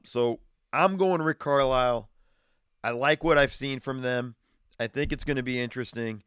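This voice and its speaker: A man hosts a casual live stream from a home garage, talking through his picks in a rambling, self-correcting way. His voice is smooth and resonant at a middle pitch. The sound is dry and close, with little room echo. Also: a bit bright. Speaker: streaming show host. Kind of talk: casual sports betting talk. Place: home garage with wood paneling. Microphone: streaming setup, green screen.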